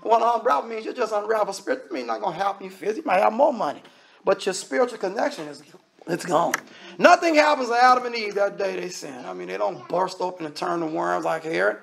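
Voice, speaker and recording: A man's voice: high voice, fast, creaky, fairly bright tone. A man preaching a sermon in a conversational way, often acting out the voices of the people he quotes.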